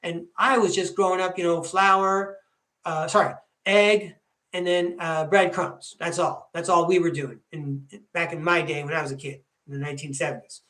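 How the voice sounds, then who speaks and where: A man in his fifties hosting a podcast, telling rambling, animated stories in a casual monologue. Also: on the high side, normal speed, reverberant. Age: 50s. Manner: chatty, rambling, animated storyteller. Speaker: podcast host.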